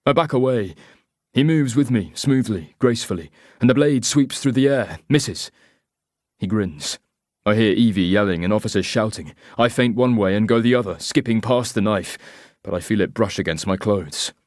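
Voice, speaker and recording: A man's voice: fairly low pitch, darkish tone, no echo, clean studio sound. Man narrating a tense thriller audiobook. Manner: measured, tense and clipped. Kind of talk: scripted first-person thriller narration.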